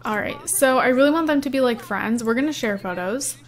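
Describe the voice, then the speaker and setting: Speaking a little fast in a fairly high voice, a young woman narrates her life-simulation game for her YouTube channel. The let's-play commentary is casual, chatty and giggly, thick with "um" and "like."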